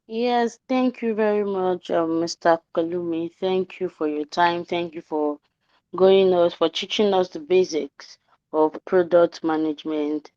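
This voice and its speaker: A woman sums up an online class in earnest tones, her voice on the low side. The call audio is dull and dry, with no room sound. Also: steady tone, a little slow, dark tone, clean tone, dry recording. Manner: earnest, summarizing, hesitant restarts. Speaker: class coordinator. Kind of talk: thanking remarks in an online class.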